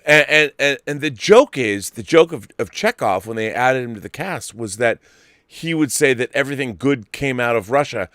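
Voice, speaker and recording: A middle-aged man hosting a late-night live-stream, ranting hard and swearing freely. His voice is bright and forceful. The sound is close and dry, with no room around it. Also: mid-range voice, expressive, normal speed, no room sound. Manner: ranting, profane, loud bursts. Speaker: host.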